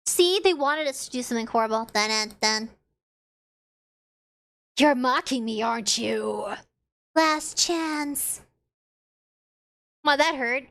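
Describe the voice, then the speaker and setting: A woman's voice: high voice, a little slow, pauses often, a bit bright. A young woman streaming a horror game, reading its text aloud with playful commentary and dramatic sound effects.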